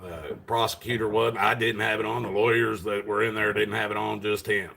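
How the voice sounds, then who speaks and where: Loud rambling man with a gravelly voice. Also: on the low side, little pitch movement, brisk, a little hiss or hum. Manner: loud, rambling retelling with many fillers. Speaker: vlogger. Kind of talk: casual storytelling to camera.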